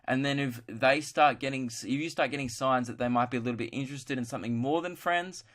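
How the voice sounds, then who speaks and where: A man's voice: mid-range voice, fast talker, fairly bright tone. A young man hosting a solo podcast, chatting casually in a rambling, joking, self-mocking way. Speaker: podcast host.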